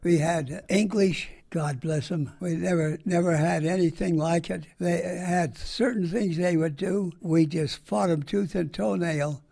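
A man's voice: on the high side, measured pace, creaky, hardly any pauses, mellow. An older man, a veteran, recalling his wartime years in a folksy, plain-spoken way for an oral history interview. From United States.

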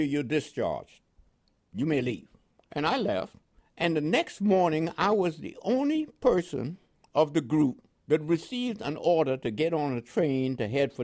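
Older guy, new york accent w/ west indian bits, animated storyteller, chuckles a lot, voice goes up and down a ton. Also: a little high. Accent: New York with West Indian inflections. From Panama. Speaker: interviewee. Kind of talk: oral history storytelling.

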